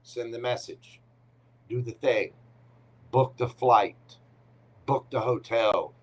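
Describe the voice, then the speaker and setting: A man's voice: medium pitch, slow, slightly rough. A man hosting a live tarot Q&A, giving readings in a playful, teasing way with short punchy commands.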